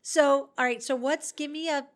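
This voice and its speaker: A woman interviewing a guest in casual chat, eager with her questions and quick to laugh. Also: sits high, steady tone.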